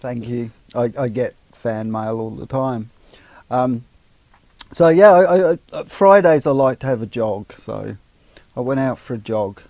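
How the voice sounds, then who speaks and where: A man's voice: mid-range voice, animated, a little slow, mellow, no room sound. A man, co-hosting a casual weekly chat and joking about himself. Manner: jokey, self-mocking, chatty. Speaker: co-host of a weekly online chat show.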